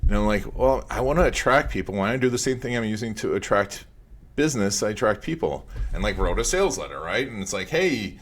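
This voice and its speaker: A man's voice: lowish voice, expressive, fast talker, fairly bright tone. A man hosting a podcast from his office, talking in a casual, rambling way with many restarts. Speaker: podcast host.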